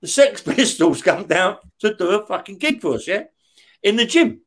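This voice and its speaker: Lively man telling prison stories. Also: high-pitched, moderate pace. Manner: swears constantly, laughs while telling stories, checks in with "yeah?". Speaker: interview guest, former career criminal. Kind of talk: storytelling in an interview.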